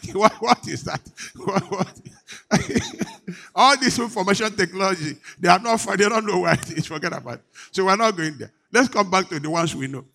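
A middle-aged man from Nigeria preaches to his congregation. His voice sits fairly high, and he keeps things animated, joking and teasing the people as he teaches. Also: measured pace, vocal fry. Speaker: pastor. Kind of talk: sermon.

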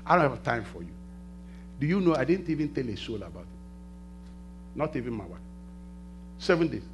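A middle-aged man preaching a sermon in a church, asking the congregation to finish his sentences and swinging between hushed and loud passages. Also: mid-range voice, big pitch swings, normal speed, background noise. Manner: call-and-response questions to the congregation. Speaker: pastor.

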